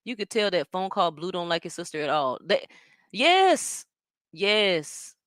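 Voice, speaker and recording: Bright-voiced woman chatting to viewers. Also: on the low side, big pitch swings, measured pace, no room sound, clean studio sound. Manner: chatty, reacts with laughs and asides to viewers. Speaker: host of a watch party stream. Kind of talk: casual commentary chat.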